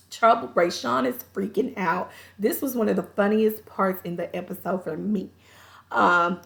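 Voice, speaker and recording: A woman with a gravelly, fry-tinged voice at an ordinary pitch retells a TV episode in casual, chatty fashion. She jumps into quoted lines from the characters and breaks off for her own opinions. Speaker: TV show reviewer.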